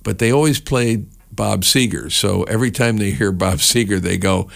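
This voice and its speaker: A man's voice: on the low side, normal speed, creaky. A middle-aged man from New Jersey hosting a radio show, chatting casually and rambling between songs with many fillers. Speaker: radio host.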